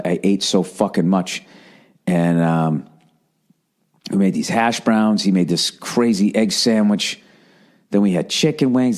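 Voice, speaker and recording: A man's voice: lowish voice, a little mellow. A middle-aged man hosting a podcast, telling stories in a casual, profane, rambling monologue with acted-out quotes. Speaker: podcast host.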